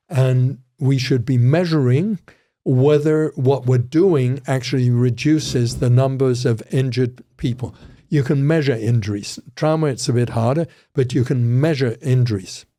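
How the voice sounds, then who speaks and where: A man's voice: mid-range voice, a little slow, mellow. An older man, a criminology professor, telling rambling stories with frequent restarts in a casual interview.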